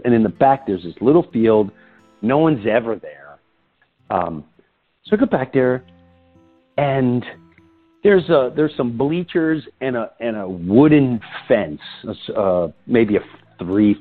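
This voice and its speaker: A man hosting a podcast, telling an animated story full of quoted dialogue in an excited, breathless way. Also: lowish voice, husky. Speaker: podcast host. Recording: tinny phone-line sound.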